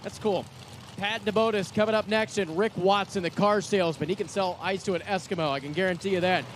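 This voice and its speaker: A man announcing drag racing live at the track, excitable and folksy, quick with a joke. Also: sits high, slight background noise. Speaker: track announcer and assistant general manager. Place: outdoor drag strip. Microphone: hand-held announcer mic.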